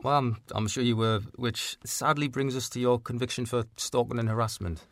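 Condescending male interviewer, mid pitch, dry close mic. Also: fairly even intonation, moderate pace, no echo. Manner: condescending, awkward. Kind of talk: mock documentary interview.

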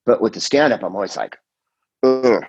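Middle-aged male comedian, low husky voice, loose rambling podcast storyteller. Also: moderate pace, no room sound, muffled recording. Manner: rambling, animated storytelling with quoted voices and swearing. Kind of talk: casual chat.

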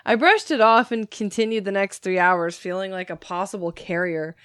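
A woman's voice: medium pitch, moderate pace, fairly bright tone, clean tone, no echo, studio quality. A woman co-hosting a casual chat, joking and swearing, often breaking into laughter. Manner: profane, joking, bursts into laughter. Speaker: podcast co-host.

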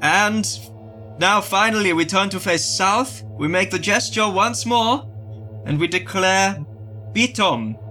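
A man's voice: sits high, takes it slowly, sharp tone, faint music behind. A man playing a tabletop game in character, calling out ritual words for others to repeat and often laughing. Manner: chanting commands, breaking into laughter. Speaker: player leading a ritual in character. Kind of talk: in-character tabletop role-play.

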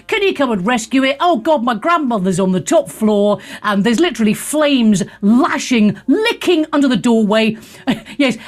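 A woman hosting a talk show, chatting casually in an animated, sarcastic and theatrical way. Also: on the high side, moderate pace. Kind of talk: casual opinionated chat.

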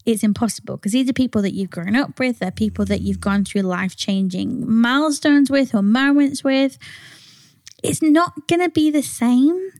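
Co-host: earnest English woman, a touch high-pitched, reflective chat, dry close recording. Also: a little mellow, no room sound. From England. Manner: reflective, earnest, swears casually. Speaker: podcast co-host. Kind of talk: casual chat.

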